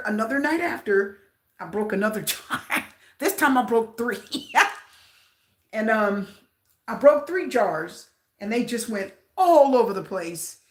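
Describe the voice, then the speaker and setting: A woman reads tarot cards for her viewers in a casual, talkative way. She repeats points and keeps asking if they heard her. Her voice sits a little high and rings in a roomy echo. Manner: chatty, repeats herself, asks viewers questions. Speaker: tarot reader.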